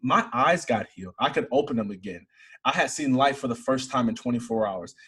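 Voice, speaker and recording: Casting note: young male interview guest, husky mid-range voice, earnest testimony that swells with excitement. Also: medium pitch, brisk. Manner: earnest storytelling, rising to excited emphasis.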